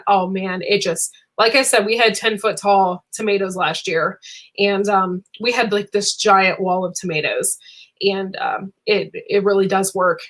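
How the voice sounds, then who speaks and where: A woman's voice: medium pitch, a bit bright. A young adult woman hosting a casual live chat, bubbly and rambling, with lots of fillers and giggles. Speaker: livestream host.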